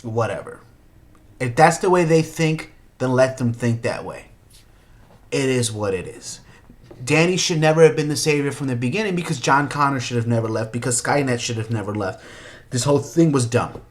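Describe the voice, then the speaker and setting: A man's voice: medium pitch, expressive, normal speed. A young man ranting about a movie in an exasperated, opinionated way, firing off rhetorical questions. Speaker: movie commentator.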